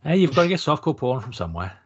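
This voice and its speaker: A man's voice: medium pitch, very animated, racing, darkish tone, breathy edge. A Welsh man co-hosting a podcast, chatty and sweary, throwing in trivia. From Wales. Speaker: podcast co-host. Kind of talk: casual podcast chat. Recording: slightly dull lo-fi audio.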